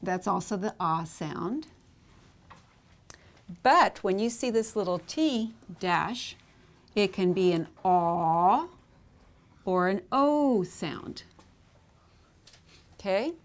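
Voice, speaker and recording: Slow, patient woman teaching at a board. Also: medium pitch, animated. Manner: patient, repeats sounds slowly and asks "okay?". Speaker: Hebrew teacher. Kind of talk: whiteboard lesson.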